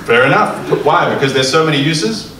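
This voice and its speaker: A man's voice: fairly high pitch, animated, fairly quick, roomy sound, far from the mic, very noisy. A man hosting a comedy club, doing loose, teasing crowd work with the audience.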